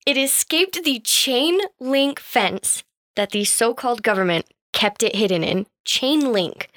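A woman guests on a casual podcast and answers quiz questions in a playful way. Her voice sits a little high for a woman. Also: animated, unhurried, fairly bright tone.

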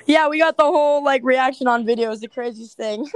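High-voiced giggly young woman. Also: fast talker, no room sound, low-quality recording. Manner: chatty, laughs often, animated quoting. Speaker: interviewee, video creator. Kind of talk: casual interview storytelling.

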